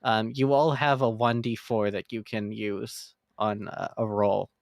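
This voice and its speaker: Calm, descriptive dungeon master man. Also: lowish voice, unhurried, vocal fry, no room sound, clean studio sound. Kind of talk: narrating a tabletop game.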